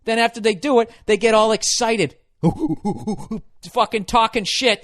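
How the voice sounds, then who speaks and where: A man's voice: extremely high pitch, takes it slowly, a bit bright, no room sound. A man hosting a podcast, ranting in an exasperated, profane, comedic way. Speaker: podcast host. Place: hot room.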